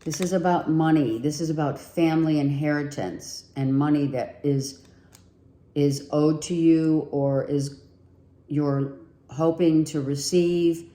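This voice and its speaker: A low-voiced woman talks slowly through a tarot reading, repeating herself and thinking aloud as she pulls cards. Her tone is mellow and her voice is nearly gone. The room around her is echoey. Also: fairly even intonation. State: losing her voice. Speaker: tarot reader. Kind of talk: casual tarot reading to viewers.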